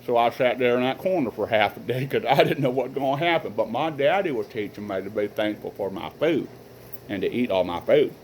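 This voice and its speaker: Folksy middle-aged man, rambling family anecdotes, faint noise behind, mid pitch. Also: animated, fairly quick, poor audio. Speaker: vlogger telling family stories. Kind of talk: casual personal storytelling.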